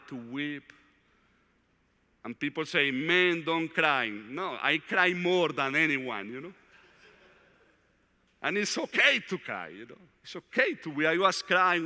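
Guy preaching a testimony in a big hall, high bright voice, long echo. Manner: heartfelt storytelling, plain non-native English. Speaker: retreat speaker. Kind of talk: testimony talk.

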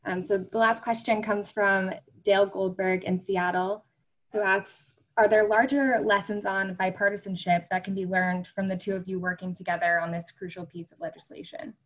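A woman's voice: mid-range voice, steady tone, moderate pace, lo-fi sound. A woman moderating a webinar, introducing and reading out audience questions.

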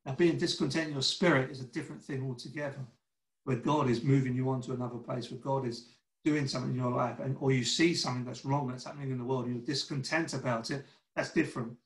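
Over a video call, a church teacher delivers a casual sermon in a mid-range, steady voice at a quick pace. The recording is reverberant and low quality, and he chats along, acts out small dialogues and keeps restarting his words.

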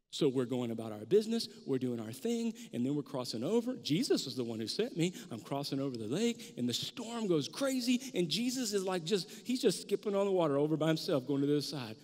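A male pastor delivers a sermon in a church, his voice pitched high and carrying. He preaches with animation and acts out the disciples in raised, excited tones. The sanctuary adds a long reverb tail to every line.

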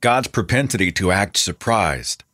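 A man hosting a podcast interview, speaking in a relaxed, conversational way. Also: low-pitched, a little slow, no echo, studio quality. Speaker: podcast host.

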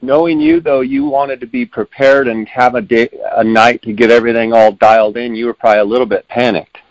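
A man's voice: mid-range voice, animated, fairly quick, dry recording, muffled recording. A man hosting a podcast, chiming in with teasing remarks to his guest. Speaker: podcast host. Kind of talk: interview chat.

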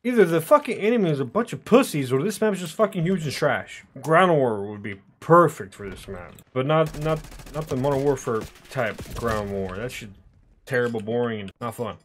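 A young man commentating his own gameplay, ranting and swearing constantly, often bursting into shouts. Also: mid-range voice, lively intonation, normal speed, slight background noise. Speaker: gaming YouTuber.

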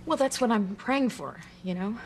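A woman's voice: mid-range voice, very animated, moderate pace, a little hiss or hum. An actress playing an anxious young woman who is hiding a secret, in a soap opera. She speaks in a pleading, flustered way.

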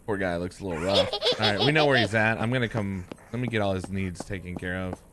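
A man's voice: low-pitched, fast talker. A man doing casual gameplay commentary as a streamer, in a laid-back, rambling way. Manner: laid-back, rambling, says dude a lot. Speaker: gamer streamer. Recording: clear game noise behind.

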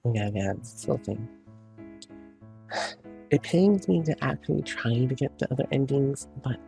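Gravelly-voiced man streaming a game. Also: medium pitch, lively intonation, measured pace, mellow, soft background music. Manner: casual, reads game text aloud. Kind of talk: game playthrough commentary.

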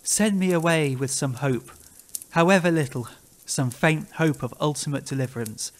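A haunted captain at the edge of his nerves, as a male reader puts him on, begging for help in a high, strained voice that keeps climbing toward panic. He sounds like a character from a spoken gothic ghost story. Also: moderate pace, fairly bright tone. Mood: pleading. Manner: desperate, pleading, rising to frantic cries. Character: haunted, terrified middle-aged male captain. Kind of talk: dramatic reading of a classic ghost story.

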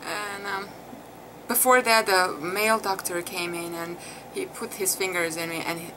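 A woman's voice: on the low side, fairly even intonation, moderate pace. Chatty emotional woman telling her story. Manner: emotional, chatty, frequent laughs and fillers. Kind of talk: casual vlog storytelling. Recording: clear background noise.

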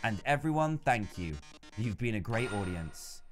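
A man's voice: fairly low pitch, sing-song, a little slow, soft background music, voice pushed down. A man reading the part of a flamboyant male robot TV star with a dramatic, showman-like delivery, calling people darling. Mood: tender farewell.

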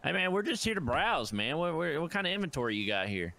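Lively, bright-voiced joker. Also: male voice, fairly high pitch, quick pace. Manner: teasing, wisecracking drawl. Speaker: roleplay partner. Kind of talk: casual in-character roleplay banter.

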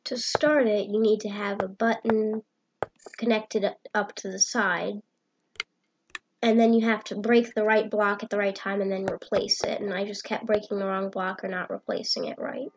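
A woman's voice: medium pitch, normal speed, slight background noise, low-quality recording. A woman hosting a gaming channel, plainly explaining her build and answering her guest with dry comebacks. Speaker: channel host. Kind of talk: narrating a game build.

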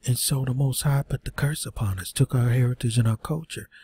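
A man's voice: medium pitch, fairly quick, warm tone, breathy edge. A man teaching a sermon, reading scripture aloud and breaking in with earnest rhetorical questions. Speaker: preacher.

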